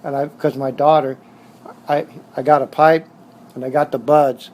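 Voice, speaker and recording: A middle-aged Southern Californian man, interviewed casually in his motorcycle shop, spins blunt, streetwise stories and repeats points to drive them home. His medium-pitched, darkish voice moves little in pitch at a moderate pace, captured on a rough recording.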